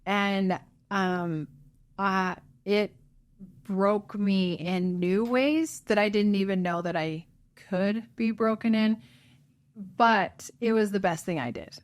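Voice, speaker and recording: Female guest sharing a personal story, earnest and halting, mid-range voice. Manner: earnest, halting, voice dropping low at hard moments. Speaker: interview guest, birth mother.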